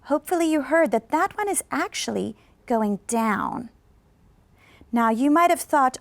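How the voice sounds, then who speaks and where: Woman esl teacher, bit high, gravelly edge, dry close sound, keeps cheering students on. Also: lively intonation, no room sound. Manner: slow, carefully drawn-out model sentences for repetition; encouraging, coaxes replies from viewers. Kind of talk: scripted classroom lesson. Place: studio.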